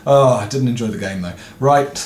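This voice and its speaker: A man's voice: mid-range voice, normal speed, darkish tone, reverberant, a little hiss or hum. A young man commenting on a horror game as he plays, jumpy and frustrated, swearing often. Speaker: gaming video host.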